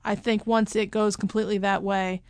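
Woman co-host, casual and chatty, halting delivery, dry close recording. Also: mid-range voice, little pitch movement, clean tone, no room sound. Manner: chatty, halting, laughs often. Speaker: podcast co-host. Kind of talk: casual chat.

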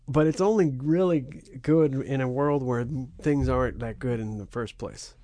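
A man's voice: mid-range voice, normal speed, dark tone, no room sound. Laid-back wry man co-host. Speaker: podcast co-host. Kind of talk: casual chat.

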